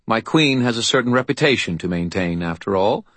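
A man's voice: lowish voice, lively intonation, a little fast, fairly bright tone, no echo, voice pushed up. A haughty, ageless fairy godmother , as a man puts her on, arch and commanding in a storybook reading. The voice sits well above a man's usual range and sounds a touch distant, fussing grandly over every detail. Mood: imperious. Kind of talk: audiobook character voice.

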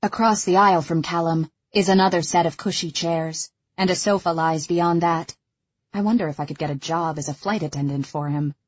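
Husky woman reading an audiobook. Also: on the low side, fairly even intonation, a little fast, muffled recording. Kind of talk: first-person audiobook narration.

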